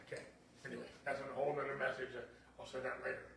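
A man's voice: mid-range voice, little pitch movement, racing, creaky, a bit bright, echoey room, recorded from a distance, a little hiss or hum. A male pastor preaching a sermon in an emphatic, repetitive style, with frequent "okay?" checks to the congregation.

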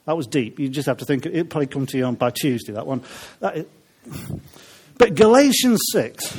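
A man's voice: fairly high pitch, lively intonation, fairly quick, breathy edge. A man preaching a humorous sermon, chatty and joking with his listeners between points. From Welsh family. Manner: chatty, joking asides to the congregation.

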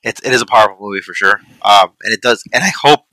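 A man co-hosting a casual movie-review podcast, talking in halting, slangy bursts with repeated words. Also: lowish voice, sharp tone, no room sound, rough recording. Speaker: podcast co-host.

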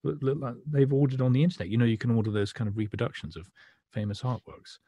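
A man, a critic chatting casually with measured, wry remarks and some hesitation. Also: medium pitch, warm tone, breathy edge, no echo. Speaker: podcast co-host, critic.

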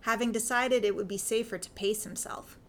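Woman reading a fanfic story out loud, steady storyteller narration. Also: on the high side, moderate pace. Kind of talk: fan fiction audiobook reading.

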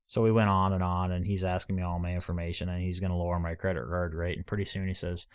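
A man's voice: low voice, fast talker, few pauses, clear, resonant tone, muffled recording. A man casually chatting and telling stories, acting out both sides of phone calls with scammers. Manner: animated storyteller, acts out both sides of calls. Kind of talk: casual storytelling chat.

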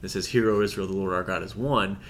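A man's voice: deep voice, quick pace, fairly bright tone, a little hiss or hum. A man co-hosting a casual theology podcast, talking earnestly and reflectively. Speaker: podcast co-host. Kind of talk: casual chat.

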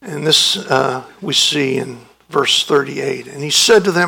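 Male pastor, sermon delivery, slow and measured, bright gravelly tone, emphatic. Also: medium pitch, poor audio. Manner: emphatic, rising sharply when voicing the disciples' protests.

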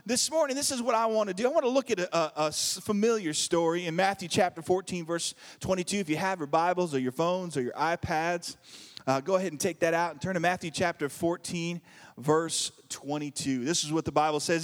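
Male pastor, fairly high voice, expressive joking preacher with call-and-response, long hall reverb. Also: a little fast. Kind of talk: sermon.

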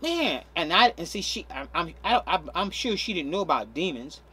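Man preaching, husky, high and lively pitch, emphatic, drawn-out stresses. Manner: emphatic, stretching key words, frequent repeats. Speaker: pastor. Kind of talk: sermon.

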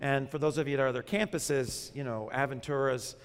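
A man who grew up in Arkansas, preaching a sermon in a lively, conversational way with bits of humor. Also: medium pitch, brisk, clean tone, in a large hall. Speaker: pastor.

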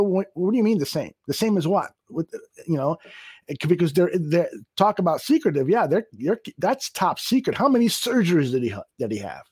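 A man's voice: high voice, a little mellow, breathy edge, dry recording, studio quality. A man co-hosting a casual sports podcast, swearing freely, exasperated and often laughing. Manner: profane, exasperated, laughs a lot. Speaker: podcast co-host.

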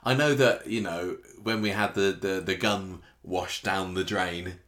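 A man's voice: low-pitched, steady tone, a little slow, a bit bright. A man co-hosting a podcast, making wry, mildly exasperated asides in a casual chat. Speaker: podcast co-host.

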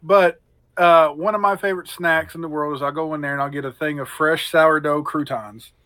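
A man talks with earnest enthusiasm about his favorite foods in a casual podcast chat. His voice is bright and a little high for a man, recorded very dry and close. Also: steady tone, normal speed, no room sound.

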